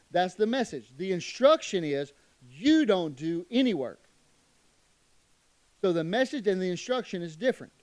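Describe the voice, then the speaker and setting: A middle-aged man preaching a church sermon, emphatic, moving between loud declarations and quiet asides. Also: high-pitched, no room sound. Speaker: pastor.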